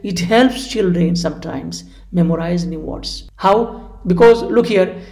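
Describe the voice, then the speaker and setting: A woman's voice: fairly low pitch, measured pace, vocal fry, a little mellow. A woman lecturing on phonology, explaining patiently and repeating each definition and example. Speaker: English language teacher. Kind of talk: recorded classroom lecture. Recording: echoey room.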